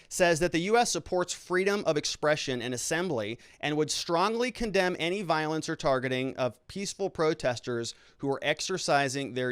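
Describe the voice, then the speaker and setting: A man hosting a political commentary show, sarcastic and animated, with mocking asides. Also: fairly high pitch, smooth, no echo, studio quality. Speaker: host.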